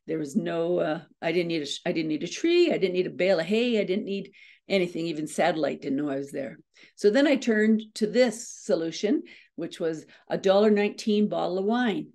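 A middle-aged woman, a motivational speaker, telling a story with fast, self-mocking humor and frequent laughs. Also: lowish voice, expressive, a little mellow. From Canada. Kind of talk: storytelling keynote talk.

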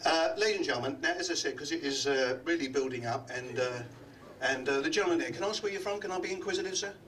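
Older man from London, comedy magician, high voice, teasing club banter, distant mic. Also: a bit bright. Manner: chatty, teasing the audience with quick gags. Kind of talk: live club comedy act. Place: function room of a hotel.

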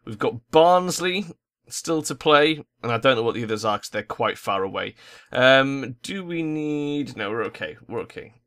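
A young man who makes gaming videos on YouTube grumbles and swears over a football tactics game. His mid-range voice is animated yet unhurried, smooth and fairly bright.

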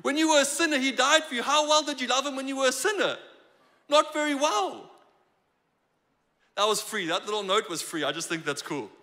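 A man preaching a sermon in a church, conversational and animated, acting out the lines he quotes. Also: very high-pitched, a little fast, big-room sound. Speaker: pastor. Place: church sanctuary.

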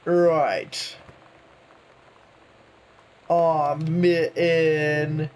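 A man's voice: fairly high pitch, expressive, a little slow, slight background noise. A young man chatting and joking through a video game, reading notes aloud as he goes. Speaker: gaming YouTuber. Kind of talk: let's play commentary.

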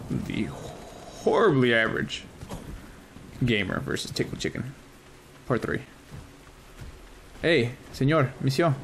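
A man hosting a casual let's-play, reacting excitedly and chatting to the creatures he tames. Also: mid-range voice, takes it slowly, long pauses, slight background noise. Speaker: gaming channel host.

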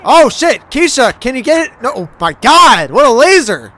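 Male gaming commentator from Cleveland, bright high voice, excitable and profane. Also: moderate pace. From Cleveland, Ohio, USA. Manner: excitable, cheers and swears at players. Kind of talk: excited play-by-play over gameplay.

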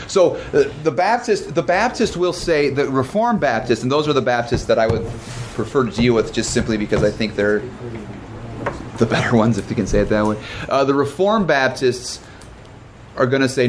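A man who is a pastor leading a Bible study in a casual, conversational way, talking quickly with restarts and joking asides. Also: mid-range voice, animated, slight background noise.

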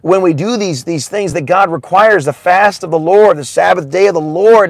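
A man with a high-pitched, creaky voice delivers a sermon casually and excitably at a moderate pace. He laughs often, swings between shouting and hushed asides, and keeps saying "man."

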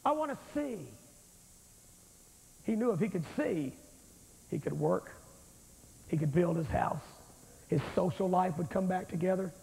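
A man's voice: high voice, expressive, unhurried, vocal fry, pauses often, dark tone, in a large hall, poor audio. A man preaching a fiery revival sermon in a large church, emphatic and calling his listeners friend, recorded on an old VHS tape.

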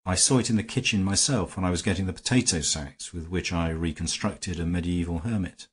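A man voicing a calm, wry gentleman sleuth. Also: fairly quick, breathy edge. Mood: thoughtful. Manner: low, thoughtful, dry.

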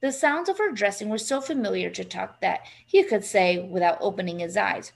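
A woman reading a children's novel aloud in a steady, measured way. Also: medium pitch, creaky. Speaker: reader.

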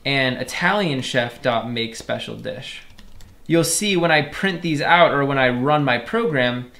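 A man's voice: medium pitch, fairly bright tone. A man with a mid-range voice talks through a coding lesson on screen. He explains things step by step in an easygoing, informal way and speaks directly to his viewers. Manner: casual, explains step by step, addresses viewers as "you guys". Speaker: programming instructor. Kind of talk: screen-recorded coding tutorial.

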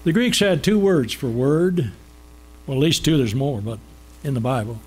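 A man preaching a sermon, asking questions and then answering them, slowing down to stress key words. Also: mid-range voice, expressive, darkish tone, husky.

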